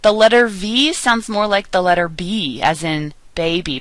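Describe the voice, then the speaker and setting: A woman's voice: fairly low pitch, measured pace, a bit bright, no room sound, poor audio. A woman teaching a recorded pronunciation lesson, patiently drawing out and repeating each model word. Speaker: Spanish teacher.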